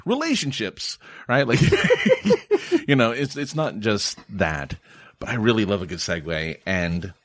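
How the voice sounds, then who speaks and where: A man's voice: low-pitched, a bit bright, no echo. A man co-hosting a relationship podcast, in a rambling, jokey casual chat full of restarts. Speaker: podcast co-host.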